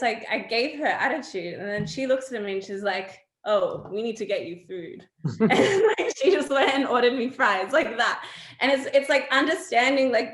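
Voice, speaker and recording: A young Australian woman with a slightly high voice appears as a guest on an interview show, casually telling stories. She's animated, laughs a lot, and fills her speech with fillers, and the sound has a roomy quality.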